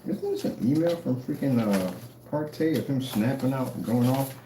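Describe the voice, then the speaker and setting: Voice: mid-range voice, lively intonation, normal speed, warm tone. A channel host in a casual rant to the camera, taunting and mocking. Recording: echoey room, faint noise.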